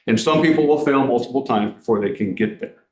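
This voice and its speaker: Fast-talking earnest man in an echoey room. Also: mid-range voice, a little mellow. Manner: earnest, rhetorical, asks the audience questions. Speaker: law enforcement speaker. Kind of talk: public presentation at a council meeting.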